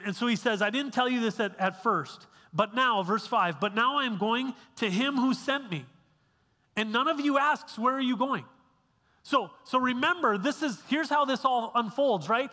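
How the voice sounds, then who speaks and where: A man with a high, bright voice preaches a sermon in a church sanctuary. He talks conversationally, stumbling over restarts and tossing in quick checks with the room. The sound carries a long reverb from the hall. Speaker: pastor.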